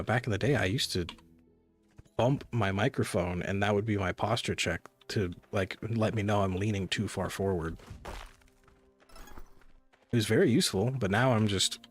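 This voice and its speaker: A man streaming a cozy game, chatting casually and rambling to his viewers. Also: fairly low pitch. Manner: rambling, chatty, talks to chat. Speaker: gaming streamer. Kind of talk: casual live-stream chat.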